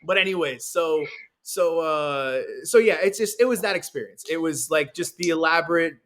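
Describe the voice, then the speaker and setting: A man's voice: a little high, normal speed. Chatty young man telling a story. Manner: animated, filler-heavy, laughs often. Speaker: restaurant owner guest. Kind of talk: casual podcast storytelling.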